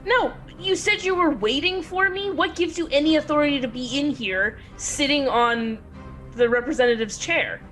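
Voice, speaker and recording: A woman at a tabletop game, pressing her questions insistently in character. Her voice sits high, with faint music behind. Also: moderate pace, fairly bright tone. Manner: insistent, demanding. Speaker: player.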